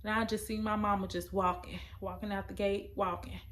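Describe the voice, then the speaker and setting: A young adult woman tells a personal story in casual speech. Her delivery is emotional and halting, and her voice sits at a middle pitch. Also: level tone, a bit bright.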